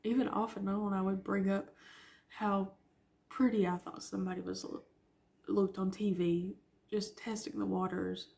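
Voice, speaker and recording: A woman in her forties speaks with a gravelly, mellow voice in a personal vlog. She is teary-eyed and soft-spoken, pausing often and sinking into near-whispers as she talks. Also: mid-range voice, flat delivery. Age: 40s. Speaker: author.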